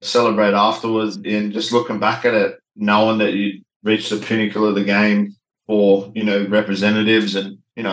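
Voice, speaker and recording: A man in his thirties with an Australian accent and a lowish voice, recorded in a reverberant, low-quality setting. A former rugby league player, he chats casually and laid-back as an interview guest, saying "like" and "you know" a lot.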